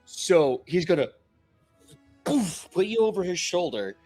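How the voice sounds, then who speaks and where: A man's voice: high-pitched, measured pace, faint music behind. A man running a tabletop game as game master, narrating the scene. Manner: lively, animated narration.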